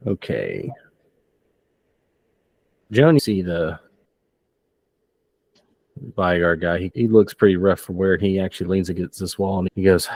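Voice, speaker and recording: A man's voice: deep voice, moderate pace, long pauses, a little mellow, no room sound. A man narrating as game master, loose and descriptive, often laughing.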